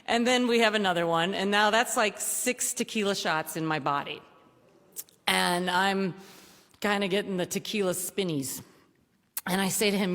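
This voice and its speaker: A woman around sixty from Michigan telling a true story on a theater stage, lively and animated, acting out the dialogue. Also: mid-range voice, moderate pace. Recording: reverberant theater hall.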